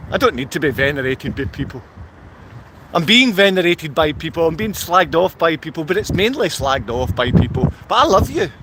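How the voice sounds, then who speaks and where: A man's voice: fairly high pitch, big pitch swings, moderate pace, a bit bright, slight background noise. A man with a Scottish accent, rambling through a live-stream monologue outdoors in a car park and answering viewer comments as he goes. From Scotland.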